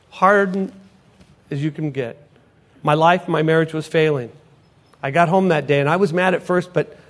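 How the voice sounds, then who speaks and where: A middle-aged man who is a potter and evangelist, giving an emphatic sermon testimony that repeats key phrases and swings between soft and loud. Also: fairly high pitch, a little hiss or hum.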